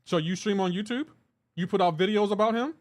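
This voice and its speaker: A man with a high-pitched, brisk voice live streams a game, chatting loosely with viewers and greeting them by name. He reads comments and talks to his chat casually while he plays.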